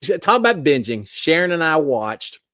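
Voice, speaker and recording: A man's voice: fairly high pitch, big pitch swings, moderate pace, pushed and bright, dry recording, clean studio sound. A middle-aged man hosting a livestream, chatting casually and reading out viewer comments, with lots of restarts and self-deprecating asides. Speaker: livestream host.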